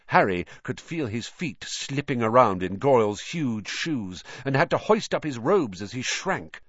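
A man reads a storybook aloud with lively, rising and falling pitch. He is expressive and animated. The recording is dull and dry. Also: measured pace, dry recording. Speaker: audiobook narrator. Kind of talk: scripted storybook narration.

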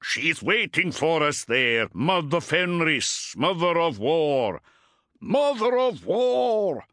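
A man voicing a band of wild young male warriors yelling a drawn-out battle chant in a strained, high voice. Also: big pitch swings, dry recording, studio quality, heavily acted. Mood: battle frenzy.

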